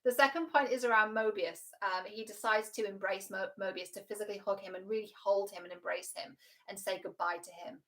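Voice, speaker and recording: A woman relationship coach giving casual reaction commentary, frank and animated, swearing freely. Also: mid-range voice, brisk.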